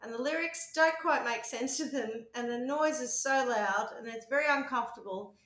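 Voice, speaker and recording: A woman's voice: a little high, normal speed, a bit bright. A woman chatting casually in an apartment, rambling through her thoughts and swearing freely. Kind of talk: casual chat. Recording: roomy echo.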